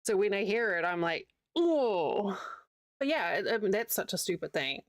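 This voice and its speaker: A woman's voice: mid-range voice, fast talker, dry recording, clean studio sound. A young woman with a New Zealand accent, chatting casually with her livestream audience while she crochets, rambling and answering chat as she goes. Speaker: streamer.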